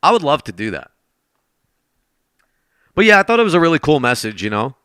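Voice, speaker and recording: A man chats casually with his live-stream audience while he plays, thanking donors and talking straight to chat. His voice is bright and smooth and swings up and down a lot. The sound is dry and close, with no room around it. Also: on the high side, sing-song, fairly quick, no echo. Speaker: game streamer. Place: at a desk.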